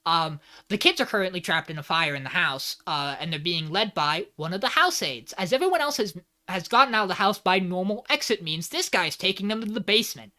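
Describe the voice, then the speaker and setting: A man on a podcast rattles through an anime episode recap with loose, rambling energy. His tone is bright and edgy, and he swears casually along the way. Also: high voice, lively intonation, fairly quick, few pauses. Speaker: podcast host.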